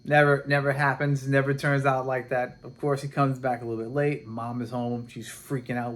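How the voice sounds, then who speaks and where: A man casually recapping a comic book plot, animated and rambling, acting out the characters' lines as he goes. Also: mid-range voice, normal speed, hardly any pauses. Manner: rambling and animated, with many restarts and quoted dialogue.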